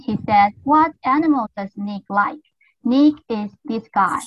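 A woman teaching English to young learners over a video call, speaking slowly and patiently with lots of encouragement and careful repetition. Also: fairly high pitch, no echo, highs cut off. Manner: patient, slow and encouraging, repeats words carefully. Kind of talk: online class drills.

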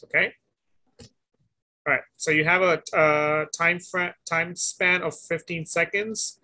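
A bright, clear-toned man leads a one-on-one English lesson. He is patient, repeats his questions slowly, and keeps checking whether his student is following. His voice sits a little high for a man. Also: fairly even intonation. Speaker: English teacher.

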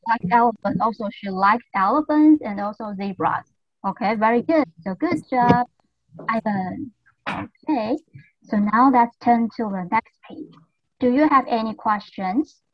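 A woman teaching English to young learners over a video call, speaking slowly and patiently with lots of encouragement and careful repetition. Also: fairly high pitch, no echo, lo-fi sound. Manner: patient, slow and encouraging, repeats words carefully. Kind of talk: online class drills.

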